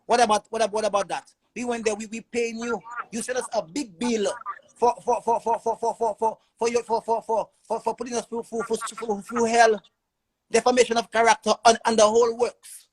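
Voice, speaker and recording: A man's voice: extremely high pitch, little pitch movement, fairly quick, low-quality recording. A man telling his own story as a father in an emotional testimony, urgent and repeating words in long stammering runs.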